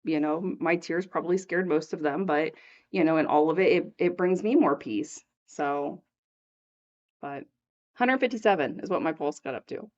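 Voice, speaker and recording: A woman's voice: low voice, normal speed, highs cut off. A woman co-hosting a casual faith podcast, telling stories in a chatty way with frequent laughter. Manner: chatty storyteller, laughs often, acts out quoted voices. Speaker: podcast co-host.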